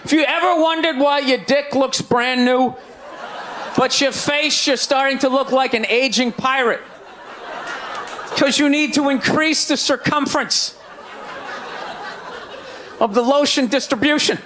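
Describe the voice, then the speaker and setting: Male stand-up comic, forties, loud sarcastic rant delivery, high-pitched voice, live room with faint crowd noise. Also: steady tone, a little slow, pauses often. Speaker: stand-up comedian. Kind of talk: stand-up routine. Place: comedy stage before a live audience. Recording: live show with crowd laughter.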